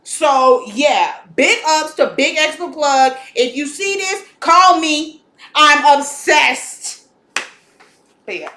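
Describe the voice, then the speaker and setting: An American woman co-hosting a podcast, chatting casually in a playful, animated way. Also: sits high, slow pace, roomy sound. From United States. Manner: animated, playful, bursts into song. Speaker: podcast co-host. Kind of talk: casual chat.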